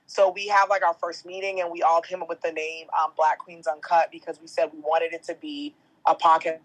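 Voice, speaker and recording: A woman in her thirties, a guest on a podcast, telling stories in a lively, casual way and swearing now and then. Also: lowish voice, a little fast, poor audio. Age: 30s. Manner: animated storyteller, swears casually. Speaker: guest, entertainment host.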